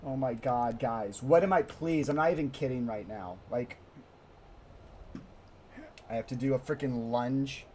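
A young man livestreaming a hard climbing game, talking to his chat in a panicky, pleading way, often repeating himself and sometimes shouting. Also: mid-range voice, a little slow, long pauses, slight background noise. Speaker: livestreaming gamer. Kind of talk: live gameplay commentary.

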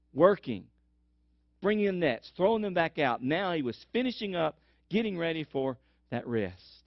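A male pastor preaches in an animated storytelling way, repeating phrases for emphasis. The recording is dry and dull, with a lo-fi sound. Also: on the high side, moderate pace, no echo. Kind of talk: sermon.

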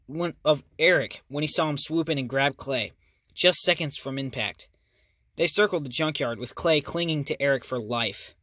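A man's voice: medium pitch, sharp tone, no echo, studio quality. A man reading a children's novel aloud as a hobby reader, earnest and casual. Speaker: audiobook reader. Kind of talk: amateur audiobook reading.

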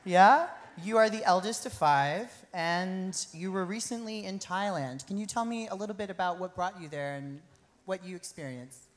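A woman's voice: medium pitch, expressive, normal speed. A woman hosting a live pageant on stage, chatting playfully with contestants and laughing often. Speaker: pageant host. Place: live pageant show in a concert venue.

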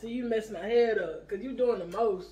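A man's voice: high voice, normal speed, mellow. A young man with a Caribbean English accent, laid-back and mock-complaining in a casual couple vlog at home. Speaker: vlogger. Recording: roomy, mic at a distance.

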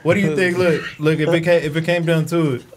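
A man's voice: a little high, steady tone, fast, a little hiss or hum. A man, hosting a podcast with profane, laughing banter. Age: 40s. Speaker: podcast host. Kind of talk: casual podcast chat.

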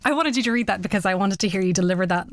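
A woman interviewer chatting in a studio, enthusiastic with a few halting fillers. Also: medium pitch, dry recording. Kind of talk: casual chat. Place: recording studio.

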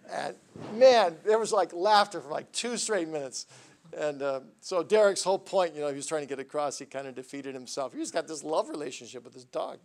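Lecturer, male, fairly high gravelly voice, animated classroom delivery. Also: a little fast. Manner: animated storyteller, voice swinging from soft asides to loud emphasis. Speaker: seminary lecturer.

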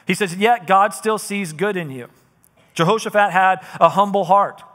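A male pastor delivers a sermon, retelling scripture with lively, conversational storytelling. His voice sits high and sounds bright and forceful. It carries the long reverb of a large hall. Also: moderate pace. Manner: lively storytelling, paraphrasing scripture with casual asides. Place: church auditorium.

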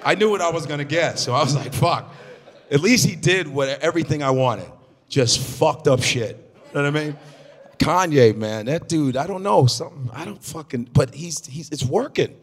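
A man doing improvised stand-up comedy, loud and animated, swearing and shouting his punchlines. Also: fairly high pitch, moderate pace, in a large hall.

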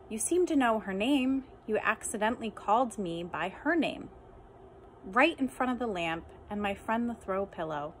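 A woman reading humorous poems aloud with deadpan, dry comic timing. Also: medium pitch, normal speed, slight background noise. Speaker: reader.

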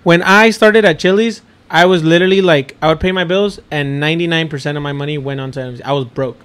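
A young man chatting casually as a podcast guest, an excitable storyteller who swears freely. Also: on the high side, fast, clear, resonant tone. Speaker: podcast guest, NFT creator. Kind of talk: casual chat.

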